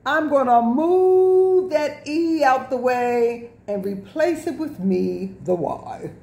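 A woman's voice: sits high, lively intonation, slow pace, mellow, voice pushed up, full character voice. A woman voicing the letter Y, a cheerful, bossy character who boastfully announces it is taking over from the other vowels. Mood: bossy, playful. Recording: echoey room.

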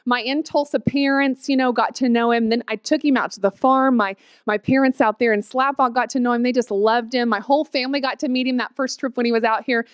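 Woman, 30s, lively testimony storyteller, higher voice, dry close sound. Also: a little fast, few pauses, clear, resonant tone, dry recording. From Oklahoma, USA. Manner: animated storytelling, quotes herself with squeals and laughs. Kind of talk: personal testimony.

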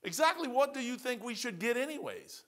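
A man's voice: very high voice, big pitch swings, brisk, a bit bright. A male pastor with a Midwestern American accent, preaching a verse-by-verse sermon in a folksy, emphatic way with colloquial phrasing. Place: church sanctuary.

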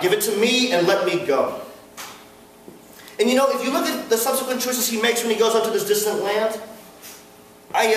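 A man giving a sermon at a campus fellowship, animated and playful with the audience laughing along. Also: sits high. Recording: echoey hall from far off, faint hiss.

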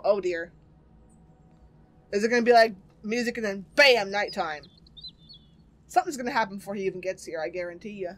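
A woman streamer giving sarcastic, excitable commentary while playing a game. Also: medium pitch, a little fast, pauses often. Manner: excitable, sarcastic, swears and laughs a lot. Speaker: gaming streamer. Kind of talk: let's play commentary.

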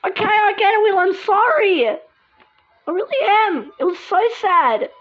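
A woman's voice: very high voice, big pitch swings, measured pace, soft background music, voice pushed up, exaggerated voice. A woman voicing a pleading, insistent young woman friend in an amateur voice drama. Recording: dull lo-fi recording.

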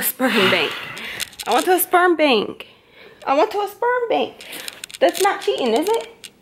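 A woman's voice: sits high, a bit bright, slight background noise. A young woman, teasing her boyfriend in a casual prank vlog and asking the same questions again and again. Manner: teasing, playful, repeats questions. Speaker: vlogger.

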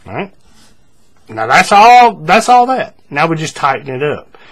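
Man, craft tutorial, husky, a bit high, casual step-by-step talk. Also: a little slow. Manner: relaxed, repetitive instructions with frequent fillers. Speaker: paracord tutorial maker.

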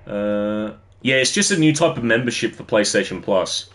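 A man's voice: on the low side, lively intonation, moderate pace, a bit bright. A young English man chatting casually on a gaming livestream, rambling and answering his chat as he plays. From England. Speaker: streamer.

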